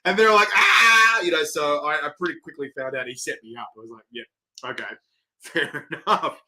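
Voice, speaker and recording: An Australian man hosting a casual interview, chatty, quick to laugh, acting out quotes in his stories. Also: fairly high pitch, sharp tone. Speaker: host.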